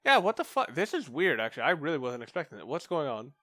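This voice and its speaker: A young man giving let's play commentary, excitable and thinking out loud, swearing a lot. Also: a little high, fast, dry recording, studio quality, soft background music.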